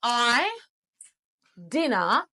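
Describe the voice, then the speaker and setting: A woman with an Australian accent teaching a basic English lesson, repeating sounds and words slowly and encouraging learners. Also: a little high, very animated, bright, forceful tone. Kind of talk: slow, clearly enunciated English lesson.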